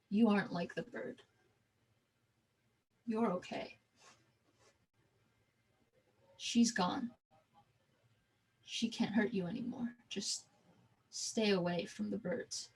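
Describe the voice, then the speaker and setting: A woman's voice: mid-range voice, slow, pauses often, darkish tone, slightly rough, poor audio. Woman voicing a gun-toting male zookeeper. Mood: hushed.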